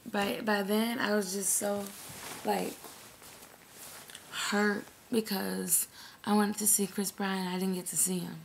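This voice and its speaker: A woman from New York, hoarse from screaming, telling a long story in an animated, indignant, swearing rant with a New York accent. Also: mid-range voice, measured pace, long pauses, slight background noise.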